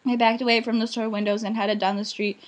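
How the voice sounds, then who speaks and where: A woman's voice: a little high, little pitch movement, fast. A woman reading a children's novel aloud, voicing each character plainly, with small slips and restarts. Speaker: audiobook reader.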